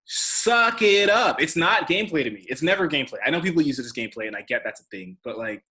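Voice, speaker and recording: Fast-talking, blunt man co-host. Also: mid-range voice, expressive, sharp tone. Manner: blunt and opinionated, quick-talking. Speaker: podcast co-host. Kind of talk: casual chat.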